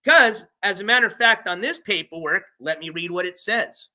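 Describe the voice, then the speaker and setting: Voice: medium pitch, lively intonation, normal speed, few pauses, bright, forceful tone. A livestream host reading court papers aloud in a casual, chatty way, stopping to explain the legal wording and thanking channel members by name.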